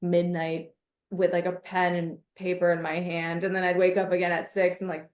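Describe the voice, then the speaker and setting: A woman guest on a podcast, a comedian and mindfulness coach, telling stories in a lively, casual way and acting out the voices of people she quotes. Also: lowish voice, normal speed, reverberant. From United States. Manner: animated, acts out quoted voices in her stories. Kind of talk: casual interview storytelling.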